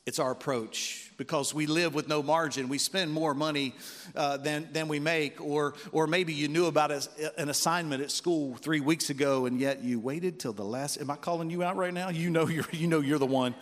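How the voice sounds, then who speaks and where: A man's voice: on the high side, fairly even intonation, moderate pace. Folksy preaching man in a reverberant hall. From West Virginia roots, United States. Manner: folksy storytelling with call-outs to the congregation. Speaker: pastor. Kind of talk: sermon. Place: church hall. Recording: long reverb of a large hall.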